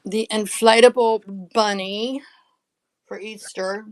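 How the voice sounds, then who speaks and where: A woman's voice: mid-range voice, steady tone, slow pace, low-quality recording. A woman hosting a live sale. She chats casually, laughs often and shows items one by one.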